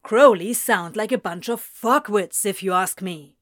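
A woman's voice: medium pitch, unhurried, natural voice. A woman reading as a defiant young man. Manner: defiant, sharp retorts. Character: defiant young man, stubborn and quick to retort.

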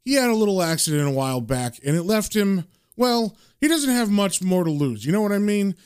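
A man's voice: high voice, big pitch swings, brisk, a little mellow, clear, resonant tone, voice pushed up. A man reading a smug, menacing crime boss. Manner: cold and threatening.

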